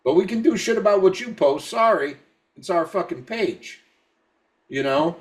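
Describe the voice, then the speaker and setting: A drunk man rants on a podcast, swearing constantly and tripping over repeated words as he restarts his sentences. His voice sits fairly high for a man. He is recorded a little far from the microphone. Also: expressive, moderate pace. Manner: profane, repetitive, stammering restarts. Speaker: podcast co-host. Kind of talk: casual podcast rant.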